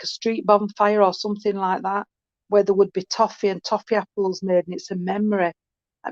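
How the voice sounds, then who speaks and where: Warm-hearted woman medium, chatty, heard over a muffled, dry line. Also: medium pitch, dry recording. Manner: chatty, affectionate, calls people sweetheart. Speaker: spiritualist medium. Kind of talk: online mediumship reading. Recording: dull, dry call audio.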